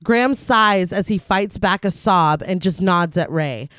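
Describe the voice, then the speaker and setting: A woman's voice: fairly low pitch, measured pace, a bit bright, smooth, no room sound, clean studio sound. A woman co-hosting a podcast, recapping a film plot in a casual way and often breaking into laughter. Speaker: podcast co-host.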